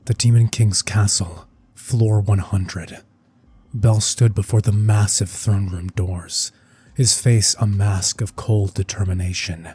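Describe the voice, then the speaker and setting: A man's voice: fairly low pitch, steady tone, slow, a little mellow, husky. A man narrating a dramatic anime fan-fiction story with intense storytelling that rises and falls with the action.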